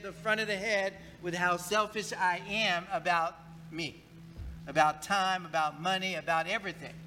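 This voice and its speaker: A man's voice: sits high, sharp tone, a little hiss or hum, low-quality recording. A male pastor preaching a conversational sermon in church, talking casually, often repeating words and asking the congregation questions.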